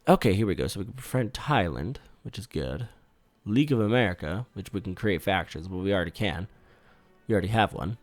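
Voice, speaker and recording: A man giving casual, swear-laced commentary while playing a strategy game, bursting out loudly when things go wrong. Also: low-pitched, dry recording. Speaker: gaming YouTuber.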